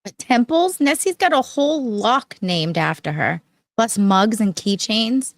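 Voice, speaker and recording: A woman co-hosting a podcast in casual banter, teasing with quick comebacks. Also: fairly high pitch, expressive, dry recording. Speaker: podcast co-host.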